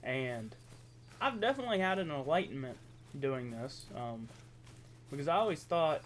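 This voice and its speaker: A young man from southeastern Ohio with an Appalachian accent, chatting casually over gameplay, halting and full of ums. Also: medium pitch, sing-song, a bit bright, a little hiss or hum. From southeastern Ohio, USA. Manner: rambling, halting, lots of ums and self-corrections. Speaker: gaming YouTuber.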